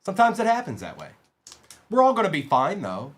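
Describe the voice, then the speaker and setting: Man, live-stream host, casual chat with viewers, animated pitch, rattles off name lists. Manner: talks to chat viewers by name, reads lists of names quickly. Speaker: livestream card break host.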